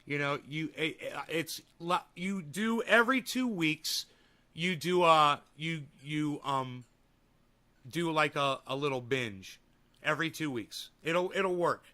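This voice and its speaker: A man's voice: fairly high pitch, animated, measured pace, sharp tone. A man hosting a livestream, reading chat comments and answering them in a profane, combative, rambling way. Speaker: livestream host.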